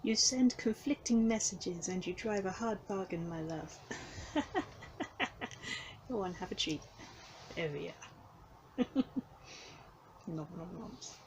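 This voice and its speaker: A young woman who keeps a cattery, chatting softly to the cats in a gentle, cooing way and often dropping to a whisper. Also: mid-range voice, slow pace, long pauses, slight background noise, low-quality recording. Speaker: cattery keeper. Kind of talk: soft chat to cats. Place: indoor cattery. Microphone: handheld camera. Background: faint purring and cattery ambience.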